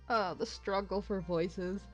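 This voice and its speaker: A woman giving chatty, giggly commentary as she plays a story game, with a tired throat from doing voices. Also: mid-range voice. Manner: chatty, giggly, self-deprecating. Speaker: gaming streamer. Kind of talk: casual let's-play commentary.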